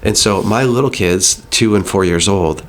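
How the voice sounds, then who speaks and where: A middle-aged man with a fairly low voice speaks in an earnest, reflective way, teaching through personal stories. Now and then he slips into short acted-out lines of dialogue. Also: moderate pace. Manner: earnest, reflective, acts out dialogue with his kids. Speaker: guest speaker. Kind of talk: conversational teaching.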